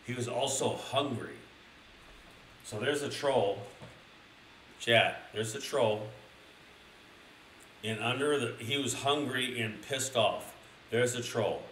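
A young man streaming a crude comedic storybook reading, excitably addressing his chat. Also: medium pitch, slow, long pauses, recorded from a distance. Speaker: streamer reading a children's book. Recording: roomy, a little off-mic, faint noise.

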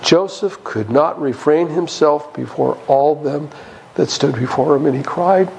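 A man's voice: on the high side, a little slow, creaky, a little mellow, a little hiss or hum, poor audio. A man preaching a Bible study sermon in a church, emphatic and chuckling as he goes.

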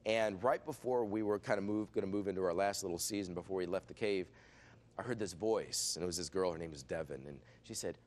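A middle-aged man, a pastor, telling a lively healing testimony as an interview guest, with frequent restarts and acted-out quotes. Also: sits low, quick pace. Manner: excitable, restarts often, acts out quoted voices. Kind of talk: animated storytelling testimony.

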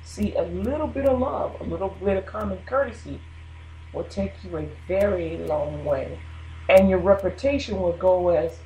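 A woman's voice: medium pitch, moderate pace, a little mellow. Woman on the radio, casual preachy chat, laughs a lot, echoey room. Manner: chatty, preachy, laughs between points. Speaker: radio host. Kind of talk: casual faith talk on radio.

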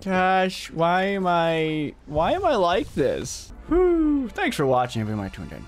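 Tired, animated male game streamer. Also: sits high, measured pace, soft background music. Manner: playful, laughs often, swaps swears for frick and freaking. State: tired and losing his voice. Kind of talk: casual live-stream commentary.

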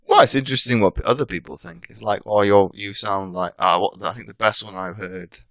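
A man's voice: lowish voice, a little fast, a bit bright, no room sound. A British man in his thirties chatting casually as an interview guest, talking in loose, rambling sentences full of restarts and self-corrections. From Britain. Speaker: podcast guest, coach.

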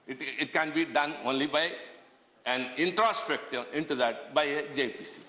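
A man's voice: a little high, lively intonation, normal speed, sharp tone. A man with an Indian English accent, a member of parliament giving a debate speech, addressing the chair as sir and pressing pointed questions. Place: large parliament chamber. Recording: echoey chamber with long reverb.

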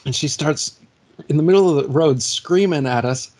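A man in his forties recounting a personal anecdote in casual conversation, animated and laughing often. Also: a little high, normal speed. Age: 40s.

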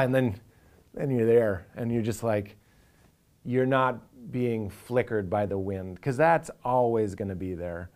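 A man's voice: fairly low pitch, a little slow. A man, a comedian talking earnestly and with animation in a reflective interview, now and then acting out inner voices for a laugh.

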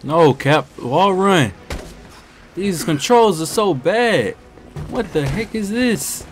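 A man giving excitable live commentary while playing a video game, trash-talking and whooping at the action. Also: high voice, slow. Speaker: gaming YouTuber. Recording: game music playing behind.

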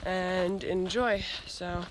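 A woman's voice: lowish voice, steady tone, very slow, a little hiss or hum, rough recording. Congested young woman vlogging on a trail. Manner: rambling, many fillers like um and like. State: congested, scratchy throat. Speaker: long-distance hiker vlogger. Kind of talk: casual vlog. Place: outdoors on a hiking trail.

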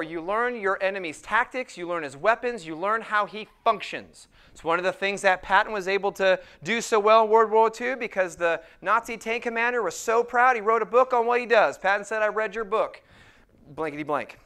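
Smooth-voiced man preaching a sermon. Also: sits high, bright, forceful tone. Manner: preaching with emphatic, slowed scripture quotes. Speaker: pastor.

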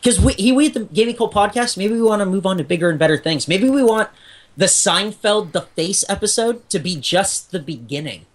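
A man co-hosting a podcast, excitable and teasing in casual chat. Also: high voice, a little fast. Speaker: podcast co-host.

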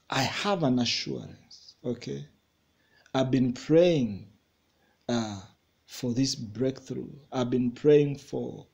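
Slow-preaching man, pastor at a revival. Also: medium pitch, gravelly, husky. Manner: repetitive, rising to excited emphasis; laughs between lines. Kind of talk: sermon. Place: church hall.

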